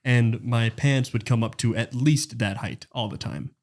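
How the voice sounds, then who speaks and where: A man co-hosting a comedy podcast in casual chat, playful and quick to join the jokes. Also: mid-range voice, a little mellow. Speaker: podcast co-host.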